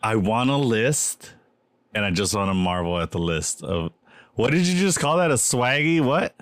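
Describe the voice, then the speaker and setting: A man's voice: on the low side, sing-song, moderate pace, a bit bright, no room sound, clean studio sound. An American man guesting on a podcast, joking and laughing in a casual chat. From United States. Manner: playful, laughs often.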